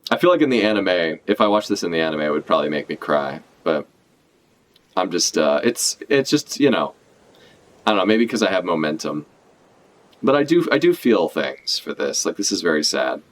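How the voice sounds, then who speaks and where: Animated, low-voiced man reacting live. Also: moderate pace. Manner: animated, swears casually, talks over the panels. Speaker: streamer reacting to a comic.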